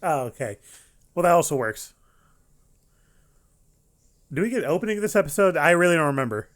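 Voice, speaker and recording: A man streaming an anime reaction, talking casually and rambling with frequent restarts and animated outbursts. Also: on the high side, moderate pace.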